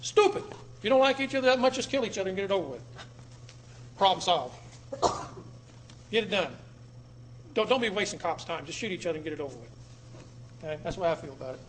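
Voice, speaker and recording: A man giving a public talk to a live audience in a room, emphatic, repeating words and swinging between loud and low. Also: animated, quick pace, long pauses, slight background noise. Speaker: speaker addressing an audience.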